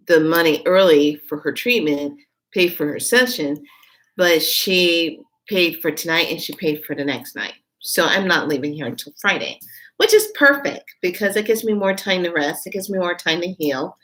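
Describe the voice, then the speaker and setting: A woman vlogger casually telling a personal story, her voice leaping up when she quotes herself. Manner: animated, jumps high in pitch when quoting herself. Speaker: spiritual vlogger.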